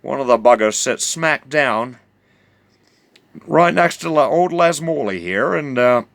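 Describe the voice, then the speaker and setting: A man's voice: medium pitch, expressive, unhurried, creaky, fairly bright tone, no echo. A man with a New Zealand accent telling a rambling, drawling yarn full of fillers and self-corrections. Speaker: storyteller.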